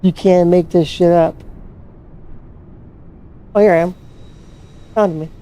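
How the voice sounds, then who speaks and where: Woman, low-pitched, very mellow tone, swears freely, casual game commentary. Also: steady tone, takes it slowly. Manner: swears freely, talks to herself while searching. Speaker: flight sim streamer.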